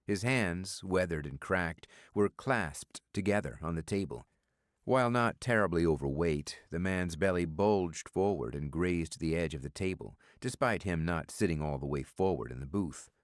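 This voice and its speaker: Deep-voiced male audiobook narrator. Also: lively intonation, normal speed, no room sound, clean studio sound. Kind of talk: scripted narration.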